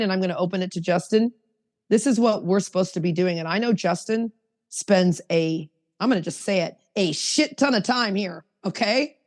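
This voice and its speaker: A woman's voice: lowish voice, darkish tone, in a large hall. A woman hosting a recovery podcast, speaking emphatically and reading passages aloud from a book. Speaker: podcast host.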